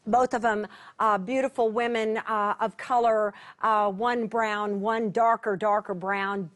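A female Bible teacher tells a personal story to her broadcast viewers in a medium-pitched voice with little pitch movement, speaking a little slowly. Her manner is chatty; she restarts sentences, laughs at herself, and drops to a hush at tender moments.

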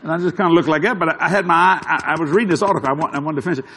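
Male preacher, high animated delivery, chuckling storyteller, faint background hum. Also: rapid-fire. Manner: animated, chuckling, shouts for emphasis. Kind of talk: storytelling sermon.

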